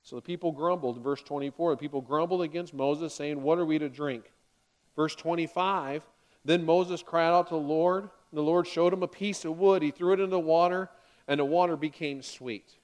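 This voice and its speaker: A male pastor preaching a sermon to his church, lively and playful, acting out the grumbling Israelites in quick excited bursts. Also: a little high.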